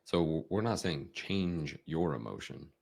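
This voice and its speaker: Super deep raspy guy on a podcast, gravelly, swings his tone around acting stuff out. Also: unhurried. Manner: animated, acts out emotions with big swings in tone. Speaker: podcast host. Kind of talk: conversational coaching talk.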